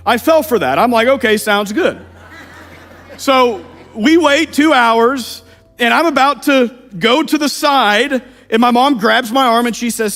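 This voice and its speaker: A man in his thirties from Missouri preaching a sermon in a church, telling personal stories in a lively, humorous way. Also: extremely high pitch, measured pace. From Missouri, USA. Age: 30s. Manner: lively, humorous storytelling with playful asides. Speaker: pastor. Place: church sanctuary. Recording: long reverb of a church hall.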